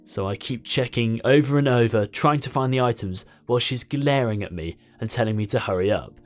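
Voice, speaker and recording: A man reading a story aloud as narrator, in an expressive storytelling manner. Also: medium pitch, a little fast, soft background music.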